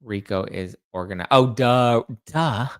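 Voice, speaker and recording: A man's voice: mid-range voice, a little slow, fairly bright tone, clean tone, no room sound. A man hosting a celebrity gossip show, chatting casually in a rambling way and reading out viewer comments. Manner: rambling, chatty, restarts and self-corrects. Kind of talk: casual chat.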